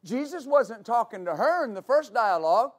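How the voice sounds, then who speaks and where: A man preaching a sermon as pastor, explaining at length and building to shouts. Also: extremely high pitch, very animated, normal speed.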